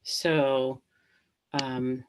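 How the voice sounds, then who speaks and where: A woman's voice: a bass voice, level tone, very slow, noisy background. A middle-aged woman hosting a live webinar, talking casually with many ums and restarts and acting out inner thoughts. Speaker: webinar host.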